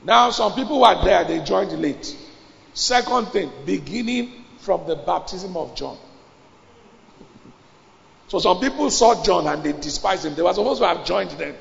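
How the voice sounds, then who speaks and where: A man preaching a sermon, emphatic, repeating his phrases and building up to shouts. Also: high voice, vocal fry. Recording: reverberant hall, dull lo-fi sound.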